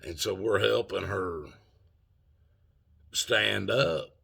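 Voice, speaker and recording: Gravelly sixty-year-old man telling a story. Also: low-pitched, very slow, pushed and bright. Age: 60s. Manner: rambling, folksy, loose grammar. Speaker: vlogger. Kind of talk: casual storytelling.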